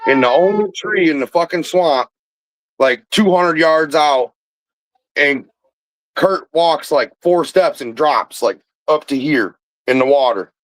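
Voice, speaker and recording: Podcast host guy rambling a hunting story, swears a lot, laughs, kinda high voice. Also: lively intonation, slow, a bit bright, no room sound, rough recording. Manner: rambling, profane, laughs while telling stories. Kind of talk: casual storytelling chat.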